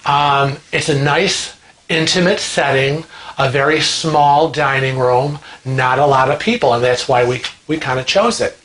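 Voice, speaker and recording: A man hosting a vlog, telling a story to camera in an animated, gossipy, conversational way. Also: medium pitch, a little slow. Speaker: vlog host. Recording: echoey room.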